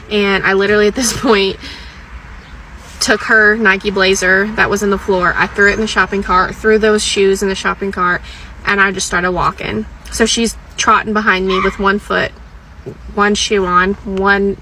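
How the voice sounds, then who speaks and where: A woman's voice: medium pitch, flat delivery, moderate pace, bright, forceful tone, a little hiss or hum, poor audio. A mother telling a long, rambling story in an exasperated rant. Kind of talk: venting mom rant.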